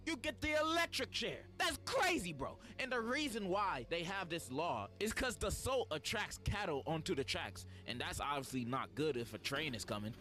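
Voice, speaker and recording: A man's voice: sits high, sharp tone. A young man streamer doing sarcastic, mock-outraged comedic commentary.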